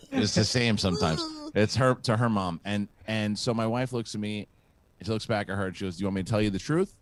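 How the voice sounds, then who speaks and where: A middle-aged man hosting a casual chat show, telling a story in a halting, rambling way with many restarts. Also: fairly low pitch, lively intonation. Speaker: host.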